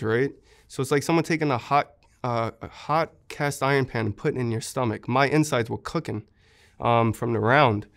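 A young man, a war veteran, earnestly recounting how he was wounded, in an interview, with many fillers. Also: medium pitch.

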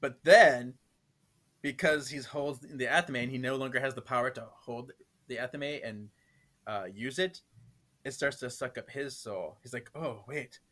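A man's voice: medium pitch, fairly even intonation, normal speed, pushed and bright. Giggly man retelling a comic plot. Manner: laughs often, loose storytelling with fillers. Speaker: podcast guest. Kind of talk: casual chat, recapping a comic.

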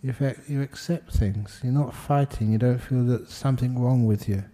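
A man's voice: mid-range voice, moderate pace, dark tone. A monk giving a humorous dharma talk, jokey and self-deprecating, laughing at his own jokes. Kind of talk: humorous spoken sermon.

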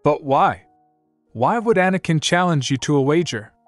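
A man's voice: fairly high pitch, expressive, normal speed, no room sound, soft background music, voice pushed up, lightly acted. A man voicing a proud, clever young princess who speaks in a cool, formal, commanding way. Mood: probing.

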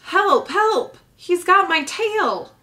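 A woman voicing a young male beaver in a storybook reading, with a high, childlike voice. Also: lively intonation, moderate pace, bright, forceful tone. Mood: panicked. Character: young boy beaver, frightened then gentle.

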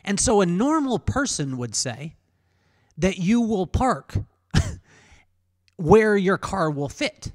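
Animated male podcast host. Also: high-pitched, slow pace, long pauses, in a large hall. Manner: animated storyteller, laughs while talking. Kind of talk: casual interview chat.

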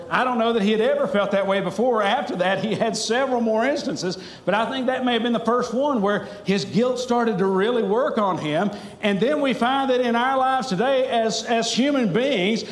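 A preacher with a notably high voice delivers an earnest, pleading sermon, easing into family stories with a wry humor. His words ring around a reverberant church sanctuary. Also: a little hiss or hum.

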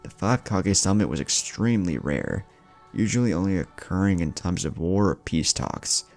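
A man narrating a fan fiction story in an expressive reading voice. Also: low voice, normal speed, vocal fry. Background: background music.

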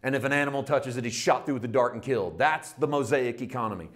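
A man teaching a Bible study sermon in a conversational, folksy way, asking rhetorical questions and swinging between loud emphatic bursts and quiet low asides. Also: steady tone, fairly quick, few pauses.

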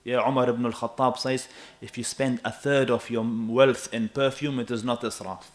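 A man in his thirties preaching a sermon in an animated, emphatic way, often checking with his listeners. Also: medium pitch, moderate pace. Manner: animated and emphatic, with asides to the audience.

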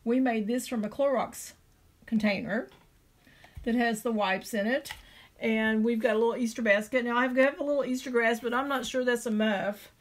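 A middle-aged woman with a Southern drawl hosts a homemade craft tutorial. Her voice sits a little high, and she chats along as she works, thinking aloud about each step. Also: fairly even intonation, moderate pace. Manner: chatty, thinks aloud while drawing. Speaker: craft video host.

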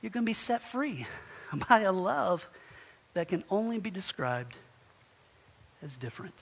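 A male pastor preaching a sermon and telling a story, swinging from loud and lively to soft and hushed, often restarting his words. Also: high voice, unhurried, creaky, slightly rough.

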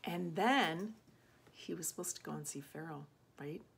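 A woman's voice: low voice, normal speed, vocal fry, background noise. A woman teaching a children's Bible lesson in a church in a friendly, coaxing way, often checking in with "right?". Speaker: children's Sunday school teacher.

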